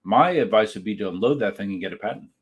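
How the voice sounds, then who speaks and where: A man's voice: on the low side, animated, quick pace, slightly rough. A man hosting a casual livestream, reading viewer comments aloud and rambling in reply. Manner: rambling, chatty, reads chat aloud and answers. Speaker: livestream host. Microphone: desk setup while live streaming.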